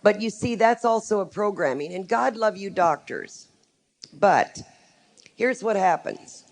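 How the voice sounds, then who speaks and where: A middle-aged woman speaks to a group in a live talk, her voice gravelly and set at a middle pitch. She is a psychic who tells stories frankly and with dry humor. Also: animated, unhurried. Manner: wry, frank storytelling with humor. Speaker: psychic giving a lecture.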